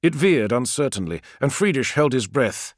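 A male narrator reads a science-fiction story with a lively, rising and falling delivery. His voice sits in a middle register and is recorded close and dry, with no room echo at all. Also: mid-range voice. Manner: measured, expressive storytelling. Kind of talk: scripted audiobook narration.

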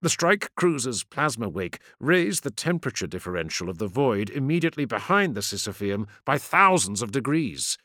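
A man's voice: medium pitch, sing-song, moderate pace, hardly any pauses, sharp tone, no room sound, studio quality. A man reading a science fiction audiobook in a dramatic, vivid narration style.

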